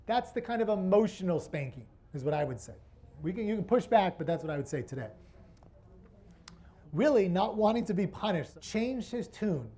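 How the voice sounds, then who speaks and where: A man's voice: high voice, big pitch swings, normal speed, warm tone. A man presenting a workshop to an audience, asking rhetorical questions as he teaches. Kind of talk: interactive teaching talk.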